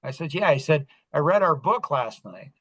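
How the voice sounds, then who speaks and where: Animated storytelling man, bright voice. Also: a little high, moderate pace, no room sound. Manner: animated, acts out quoted dialogue. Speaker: podcast host. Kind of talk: casual storytelling chat.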